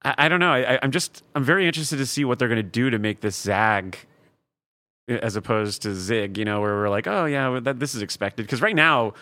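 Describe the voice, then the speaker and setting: A man's voice: mid-range voice, a little fast, bright, forceful tone, no room sound. A man co-hosting a podcast in casual chat, hesitant and stammering as he restarts his thoughts. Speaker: podcast co-host.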